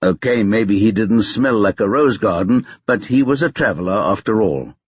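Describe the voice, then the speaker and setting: Male audiobook narrator, low and husky, measured and steady. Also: no echo. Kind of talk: scripted narration. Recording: dull lo-fi dry recording.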